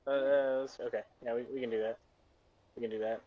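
A man chatting over a voice call while gaming with a friend, teasing her in a dry, deadpan way. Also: mid-range voice, fast, phone-quality sound.

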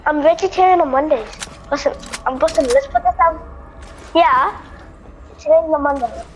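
Woman gamer with a high, bright-pitched voice, excitedly bossing a teammate around over noisy game sound. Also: normal speed, muffled recording. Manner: excited, bossy calls to a teammate. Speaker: gamer playing with a friend. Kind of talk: casual gameplay chat.

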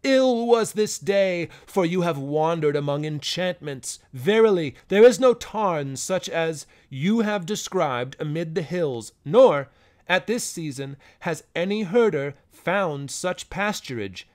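A man voicing a half-senile old goatherd who scolds and wails in a loud, trembling voice for an audiobook. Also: fairly high pitch, lively intonation, slow pace. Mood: fearful wailing. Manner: wailing, cursing, loud and trembling. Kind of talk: audiobook character voice.

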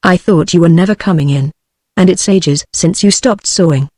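A woman's voice: on the low side, moderate pace, mellow, no echo, clean studio sound, close to an everyday voice. A computer-generated woman's voice with a British English accent reading the fretful, complaining questions of a woman waiting at home.

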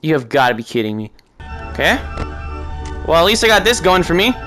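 A gaming YouTuber giving let's-play commentary, talking to themself and to game characters, swinging between frantic yelling and low muttered asides. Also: very animated, a little fast, soft background music, poor audio.

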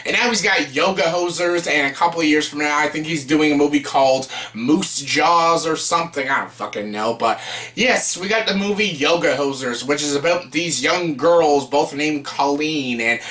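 Young Canadian man, sharp bright voice, blunt sarcastic reviewer who swears freely. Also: a little high, moderate pace. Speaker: movie reviewer. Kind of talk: casual spoken movie review.

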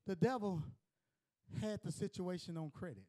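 High-voiced preaching pastor, a man. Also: normal speed, poor audio. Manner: emphatic preaching, swinging between shouts and hushed lines; conversational, colloquial asides to the congregation. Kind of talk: sermon.

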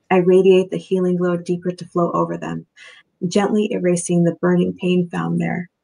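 Over a video call, a woman author reads from her novel and then chats through questions, laughing often and using lots of fillers and restarts. Her voice is lowish and darkish, with vocal fry.

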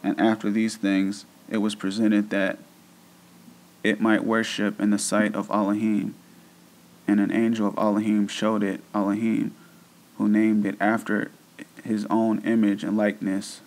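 A man giving a slow, solemn reading of an old religious text. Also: fairly low pitch, monotone, darkish tone, poor audio. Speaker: scripture reader.

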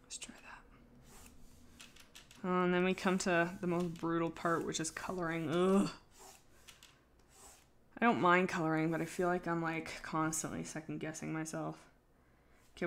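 Chatty, gravelly woman drawing on stream. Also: fairly low pitch. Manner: rambling, self-deprecating, goes quiet while focused. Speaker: artist streaming live. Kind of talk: casual livestream chat while drawing.

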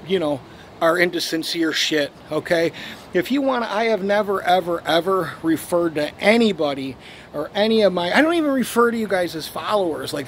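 A man from Buffalo, New York, speaks a little higher than most men as he rants to his viewers. He rambles and swears, circles back over the same points and restarts his sentences. A faint hum of traffic runs underneath. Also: fairly bright tone. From Buffalo, New York, USA. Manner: profane, restless, repeats himself. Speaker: channel host. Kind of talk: rambling vlog rant.

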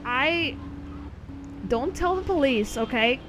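A woman's voice: high voice, lively intonation, takes it slowly, music in the background. A young adult woman streaming a game, chatting casually with viewers, rambling and laughing often. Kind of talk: casual live-stream chat over gameplay.

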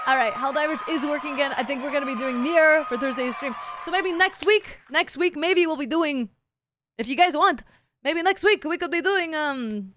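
High-voiced playful, foul-mouthed woman streamer. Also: normal speed, over music, a crowd in the background. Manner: playful, crude, swears a lot, teases chat. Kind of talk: casual live-stream chat.

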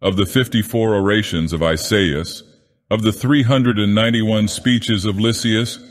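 Man doing Dagoth Ur, deep echoing god-villain. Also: normal speed, close to an everyday voice. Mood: grandiose. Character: ancient godlike male villain, grandiose and menacing. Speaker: narrator. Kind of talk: dramatic storybook narration. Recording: long cavernous reverb.

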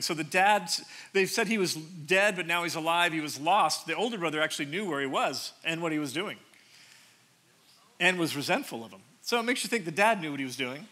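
A middle-aged male pastor preaching a sermon in a conversational, animated way, often restarting phrases and dropping in quick asides. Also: a little high. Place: large church sanctuary.

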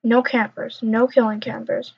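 A woman's voice: fairly high pitch, flat delivery, normal speed, husky. A young woman rambling through casual gameplay commentary, mumbling to herself and trash-talking other players. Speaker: gamer. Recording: dull lo-fi recording.

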